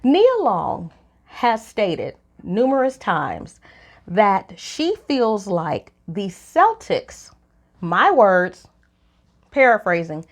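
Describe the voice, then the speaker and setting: Animated, opinionated woman podcast host. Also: mid-range voice, drawn-out words. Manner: animated, opinionated, voice jumps up when incredulous. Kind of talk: casual opinion chat.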